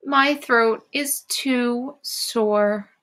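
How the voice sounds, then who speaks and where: A woman voicing a croaky sad little frog. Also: high voice, expressive, slow pace, pushed and bright, pitched above the performer's own voice, heavily acted.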